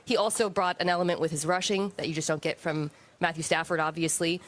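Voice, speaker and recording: A woman's voice: fairly low pitch, steady tone. Woman laying out stats-driven football analysis. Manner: measured, argues with statistics point by point. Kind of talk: broadcast sports analysis.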